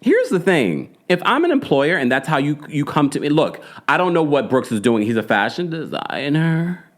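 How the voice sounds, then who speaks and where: Animated man giving a chatty recap. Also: fairly high pitch, moderate pace. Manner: animated, emphatic, mimics the people he discusses. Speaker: podcast host recapping a reality show. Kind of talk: casual opinionated recap commentary.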